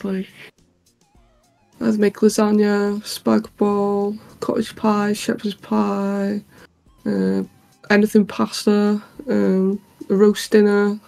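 A woman's voice: mid-range voice, level tone, slow pace, gravelly, pauses often, faint music behind. A laid-back British woman, a guest player, chatting casually over voice chat while gaming. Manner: laid-back, drawling, laughs softly.

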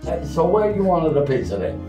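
A man's voice: sits high, big pitch swings, normal speed. An actor playing a young pizza delivery boy who puts on a hammy Italian accent and stammers nervously, in a comedy film. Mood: flustered, hammy. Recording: echoey room with music behind.

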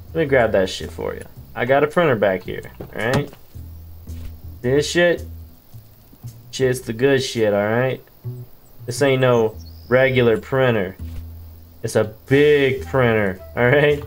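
A man doing casual gameplay commentary, joking around with slang and profanity and chatting with the characters on screen. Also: medium pitch. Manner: slangy, profane, jokey banter with game characters.

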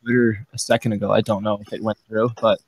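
A man with a gravelly, husky voice drops quick, offhand remarks into a casual chat. His voice sounds close and dry, with no room around it. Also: lowish voice, level tone, dry recording, poor audio.

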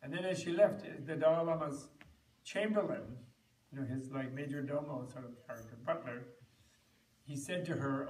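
A man teaching at a meditation retreat, telling stories in a rambling, halting way with many restarts. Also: on the high side, darkish tone. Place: retreat center hall. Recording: roomy hall, recorded from far off.

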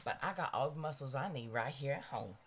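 A woman's voice: extremely low pitch, animated, brisk, a little hiss or hum. A middle-aged woman chatting straight to her live-stream viewers at home while doing her makeup, gushing and chatty. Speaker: livestream host. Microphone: cabled mic near a ring light.

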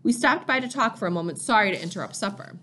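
A somber neighbor man from an audiobook, speaking low and cautiously as he delivers hard news. A woman acts him out in her reading voice. His tone stays guarded and heavy. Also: expressive, fast talker, bright, forceful tone. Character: somber male neighbor bringing bad news.

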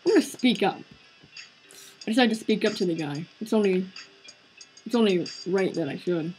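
A woman's voice: fairly low pitch, fairly quick, a little mellow, soft background music, poor audio. A woman streaming a visual novel, narrating its story aloud in an earnest, conversational way. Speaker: game streamer.

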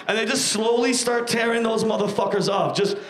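High-voiced man ranting in stand-up. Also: fairly even intonation, brisk, fairly bright tone. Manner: profane, ranting, acts out voices, riffs with the crowd. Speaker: stand-up comedian. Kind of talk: stand-up comedy set. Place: comedy club stage before a live audience.

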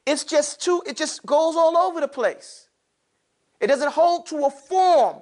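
In this Arabic letters lesson, the male teacher's voice is very high-pitched and his delivery unhurried. He engages the class lively, calling on students, asking questions and answering them himself, with casual slang along the way.

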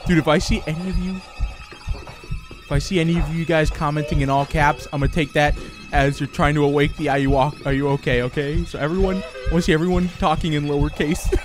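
A young man commentating a horror game for his channel, jumpy and excitable, dropping to hushed whispers and breaking into panicked yelps. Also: a little high, a little fast, music in the background. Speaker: gaming YouTuber.

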